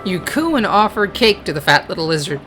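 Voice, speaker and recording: Let's-play narrator: animated delivery, reads card text, chats and self-corrects over game music. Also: mid-range voice, a little fast. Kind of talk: reading game text aloud with casual asides.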